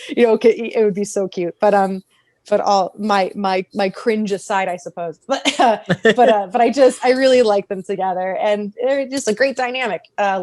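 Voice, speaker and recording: A woman talking casually on a podcast, animated, often laughing and acting out characters' lines with sudden jumps in pitch. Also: no echo. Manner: animated, acts out characters' lines mid-sentence; frequent laughter and restarts. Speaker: podcast guest.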